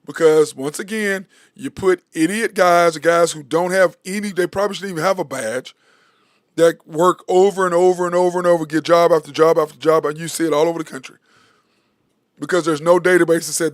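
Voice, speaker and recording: A man's voice: on the high side, steady tone, fairly quick, no room sound, clean studio sound. A sports talk host, rambling and venting his frustration in a solo commentary.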